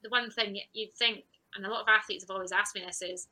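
A woman's voice: medium pitch, fairly even intonation, quick pace, bright, forceful tone, rough recording. A woman athlete in her thirties recounting her story in a podcast interview, candid and reflective, quoting her own thoughts and laughing. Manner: candid and reflective, with frequent laughs and quoted self-talk. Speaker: athlete guest.

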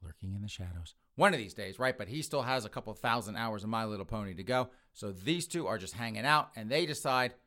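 A podcast host telling a crude comic story in a brash, rambling way. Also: male voice, fairly low pitch, animated, a little fast, hardly any pauses, bright, forceful tone.

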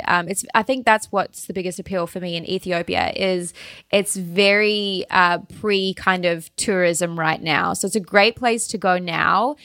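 A woman's voice: fairly low pitch, a bit bright, no room sound, studio quality. A young Australian woman, a travel blogger, chatting animatedly as an interview guest, with a lot of "like" and "um". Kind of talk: casual interview chat.

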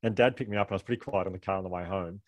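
A man's voice: low voice, steady tone, racing, no room sound. A middle-aged man telling personal stories as an author guest, rambling, self-deprecating and laughing often. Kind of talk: candid conversational storytelling.

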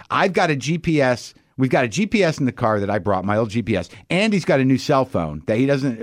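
A man telling a road-trip tale on a podcast in an animated rush, swearing freely and jumping into other people's voices. His voice sits at an everyday middle pitch. The sound is dry and close, with no room in it. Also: no echo. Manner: animated storyteller, swearing, acting out others' lines. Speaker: podcast host. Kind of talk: casual storytelling chat.

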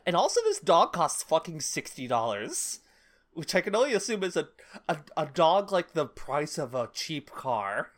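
Lively, playful podcast co-host. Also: mid-range voice, moderate pace. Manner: playful, swears casually, laughs often. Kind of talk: casual book-club chat.

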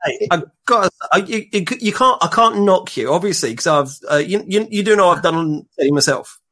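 A man's voice: high voice, animated, pushed and bright. A man co-hosting a casual podcast chat, telling stories with many stops and restarts. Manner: halting storyteller with many restarts. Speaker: podcast co-host.

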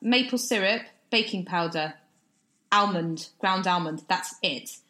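A woman's voice: on the low side, measured pace. A woman co-hosting a podcast, telling a story in casual chat and acting out the voices of the people in it. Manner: animated storyteller, acts out quoted voices, restarts. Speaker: podcast co-host.

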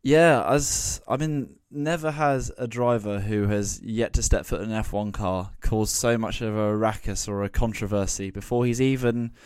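A man's voice: fairly low pitch, steady tone, normal speed, few pauses, darkish tone, clear, resonant tone, no room sound. A man co-hosting a casual podcast, talking conversationally with wry asides and plenty of fillers. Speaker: podcast co-host. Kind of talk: casual motorsport discussion.

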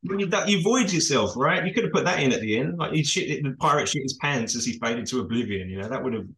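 A man's voice: medium pitch, animated, fast talker, a bit bright, low-quality recording. A man co-hosting a comedy podcast, teasing his friends bluntly and crudely. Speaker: podcast co-host. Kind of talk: casual banter.

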